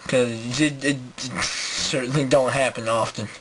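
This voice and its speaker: A man voicing a modest, laid-back Native American man in a comedy sketch, in a deep drawl. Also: fairly even intonation, a little slow, a bit bright, slight background noise, lightly acted, low-quality recording. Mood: relaxed.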